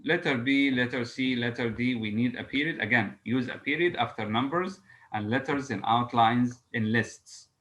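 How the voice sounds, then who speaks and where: A man teaching an English grammar lesson, reading example sentences aloud slowly and pausing often with "uh". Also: mid-range voice, a bit bright, rough recording. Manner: halting, frequent "uh" fillers, reads examples aloud slowly.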